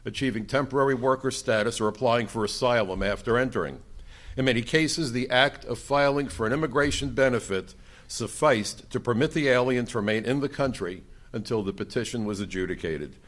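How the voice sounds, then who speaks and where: A man's voice: mid-range voice, fairly bright tone. Older man giving an emphatic conference talk. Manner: emphatic, rhetorical questions to the audience. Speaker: conference speaker, former immigration agent. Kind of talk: conference speech to a live audience. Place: conference room.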